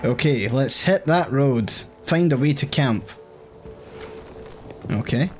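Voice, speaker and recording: A Scottish man chats his way through a game, joking and thinking aloud in casual commentary. His voice sits at a middle pitch. Faint music plays in the background. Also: expressive, takes it slowly. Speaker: gaming host. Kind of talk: casual let's-play commentary.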